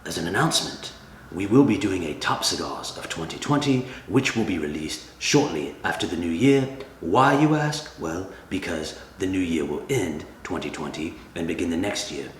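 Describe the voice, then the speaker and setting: A man hosting a comedic review, talking in a dry, deadpan way. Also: low-pitched, normal speed. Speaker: cigar reviewer, channel host. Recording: echoey room with faint ambient noise.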